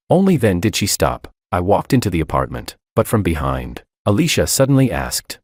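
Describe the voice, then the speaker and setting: A man's voice: low-pitched, huge pitch swings, moderate pace, few pauses, darkish tone, no echo, studio quality. A man narrating a romance story in first person with dramatic, scripted delivery.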